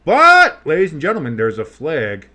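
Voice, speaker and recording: A man with a deep, bassy voice calls the game as a casual play-by-play host. His pitch swings widely, from low muttered asides to loud, excited bursts, all in a joking tone at an ordinary middle pitch. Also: moderate pace. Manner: jokey, swings from murmured asides to loud outbursts.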